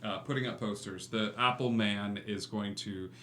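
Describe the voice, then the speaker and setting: A man narrating as game master of a tabletop game, relaxed and full of fillers. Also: lowish voice, normal speed. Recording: echoey room with faint hum.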